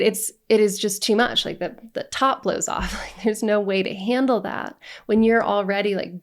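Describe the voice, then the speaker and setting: Brief: female divorce coach, earnest and direct, a bit of vocal fry. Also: medium pitch. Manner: earnest, repeats "right?" and lists emotions in long runs. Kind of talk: direct-to-camera coaching talk.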